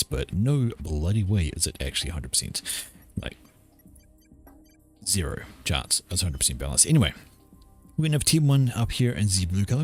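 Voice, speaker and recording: Low-voiced man casting a strategy game. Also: slightly rough. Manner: chatty, with offhand jokes and asides. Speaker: game caster. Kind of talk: casual play-by-play game commentary.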